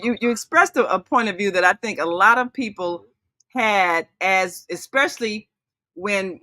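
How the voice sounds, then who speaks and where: Woman, live stream host, bright clear tone, dry close sound, chatty and reflective. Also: mid-range voice, dry recording. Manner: chatty, reflective, explains at length. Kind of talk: casual live-stream conversation.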